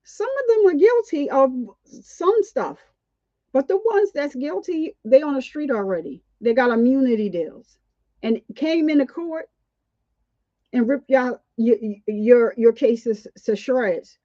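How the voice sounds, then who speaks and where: A woman's voice: high voice, lively intonation, measured pace, warm tone, no room sound, lo-fi sound. A woman hosting a casual, outspoken commentary on a court trial, indignant and chatty. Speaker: commentary channel host.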